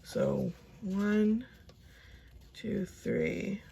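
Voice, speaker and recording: A young woman chatting casually as she counts and sorts cash, talking to herself now and then and dropping into soft whispers. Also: mid-range voice, lively intonation, very slow, gravelly, a little hiss or hum. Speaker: budgeting vlogger.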